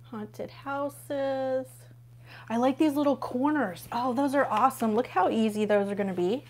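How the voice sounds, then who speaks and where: A chatty woman hosts a relaxed live stream from home. Her voice sits a little high, and she gushes over each new find while chatting with her viewers. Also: a little slow, a little hiss or hum. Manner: gushing, chatty, talks to viewers while flipping pages. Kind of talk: casual live unboxing chat.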